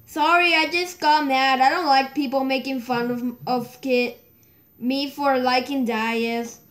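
A woman's voice: high voice, fairly even intonation, unhurried, fairly bright tone. A woman giving a chatty, easily exasperated running commentary as she plays a game and records a video on her phone. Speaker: gaming video creator. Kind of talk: casual running commentary while gaming. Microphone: phone microphone.

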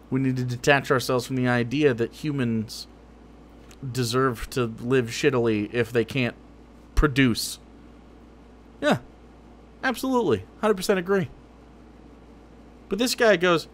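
A man's voice: mid-range voice, slight background noise. A man streaming reaction commentary on political clips, sarcastic and profane, growing heated.

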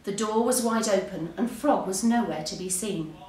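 A woman, an English teacher, reading a bedtime story aloud with expressive, unhurried storytelling. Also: medium pitch. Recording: roomy, distant mic.

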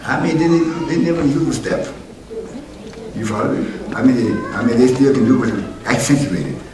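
A man preaching a sermon as pastor, swinging between loud exhortation and low, conversational asides. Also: moderate pace. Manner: animated preaching, rising to loud exhortation then dropping low. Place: church sanctuary. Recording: echoey church heard from a distance with noise.

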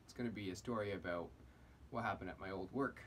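A man's voice: sits low, fast talker, heavy background noise. A young man telling a casual story on his vlog, rambling with lots of fillers. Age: young adult. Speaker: vlogger.

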